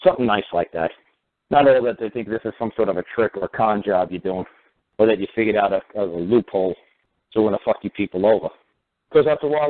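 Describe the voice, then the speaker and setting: A man's voice: lowish voice, lively intonation, quick pace. A man hosting a radio talk show, talking in a rambling, profane monologue that keeps coming back to "you know what". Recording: tinny phone-line sound.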